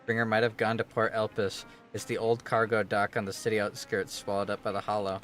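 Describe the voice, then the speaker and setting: A man reading game dialogue aloud as a composed female special-unit officer, flat and matter-of-fact. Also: lowish voice, fairly quick, faint music behind, close to an everyday voice. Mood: calm report.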